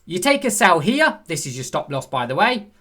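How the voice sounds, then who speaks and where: Over a screen-share chart lesson, a man with a high, sharp voice teaches forex, his pitch swinging widely at a normal speed. He keeps things conversational, asking the viewer questions and voicing a frustrated trader's thoughts.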